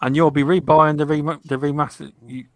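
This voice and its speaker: A man co-hosting a casual gaming podcast, chatty and animated when telling a story. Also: fairly high pitch, a little fast, dry recording.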